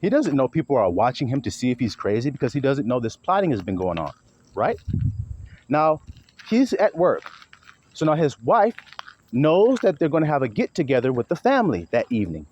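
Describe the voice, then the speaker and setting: Speaking a little fast, this online preacher has a medium pitch, a slightly mellow tone and a very animated delivery. His emphatic, profane preaching monologue is full of acted quotes, and the lo-fi audio sounds dull with a faint hiss.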